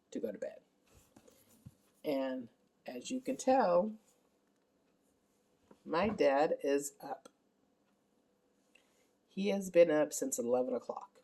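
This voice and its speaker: Exhausted from caring for her father, a middle-aged family caregiver rambles candidly through a vlog update. She speaks with a warm, bass-range voice.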